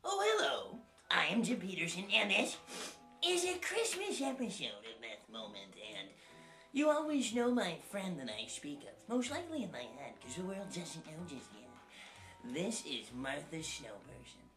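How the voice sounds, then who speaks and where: A woman's voice: lowish voice, big pitch swings, moderate pace. A woman hosting a homemade comedy show, rambling crudely and erratically in a put-on posh accent. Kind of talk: rambling improvised comedy monologue. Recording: echoey room, far from mic, loud music behind.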